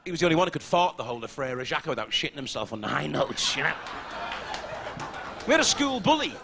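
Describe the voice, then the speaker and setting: A man's voice: on the high side, very animated, quick pace, gravelly, bright, forceful tone, breathy edge. A man with a Scouse accent doing crude, brash stand-up comedy on a theatre stage. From Liverpool, England. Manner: brash, crude, swearing punchlines.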